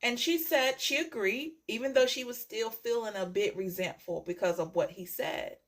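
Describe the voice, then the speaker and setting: A woman's voice: fairly high pitch, normal speed, fairly bright tone. A woman tarot reader telling a story to her viewers in a chatty way, often checking in with "okay?" and repeating phrases.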